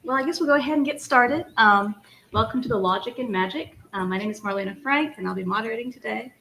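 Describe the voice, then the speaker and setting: A woman moderating a convention panel, relaxed and hesitant, with frequent ums. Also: fairly high pitch, fast, creaky, noisy background.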